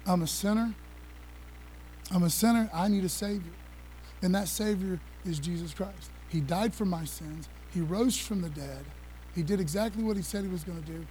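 A male preacher giving an excited, conversational sermon, talking fast with laughs and casual asides. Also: high-pitched, slight background noise, poor audio. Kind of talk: energetic sermon with slides.

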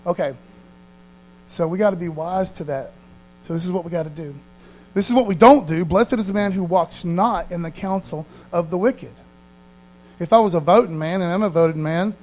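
High-voiced folksy male preacher. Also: a little mellow, low-quality recording. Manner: folksy, keeps checking in with the audience; slows down to read verses aloud. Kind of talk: conversational sermon with scripture reading.

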